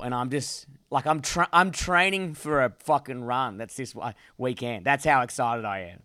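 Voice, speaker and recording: A man, co-hosting a podcast in brash, excitable casual chat with heavy swearing. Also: mid-range voice, moderate pace, hardly any pauses, no room sound, clean studio sound. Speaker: podcast co-host.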